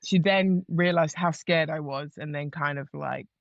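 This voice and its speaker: A woman guest on a podcast, telling a personal story in a casual, animated way and acting out what others said. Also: low-pitched, measured pace, creaky, no room sound, lo-fi sound.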